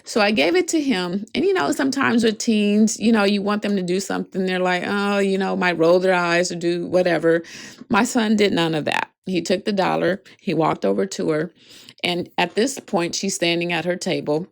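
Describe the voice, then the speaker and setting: Earnest woman podcaster with a gravelly voice. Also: on the low side, normal speed. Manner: heartfelt, earnest, voice cracking with emotion. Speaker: podcast host. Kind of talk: reflective solo podcast storytelling.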